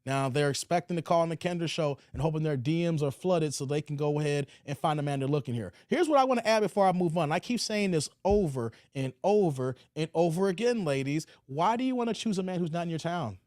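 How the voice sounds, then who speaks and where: A man's voice: fairly high pitch, lively intonation, fast talker, few pauses, a little mellow, dry recording, studio quality. A man hosting a livestream, reading viewer comments aloud and reacting in laid-back slang. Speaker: livestream host.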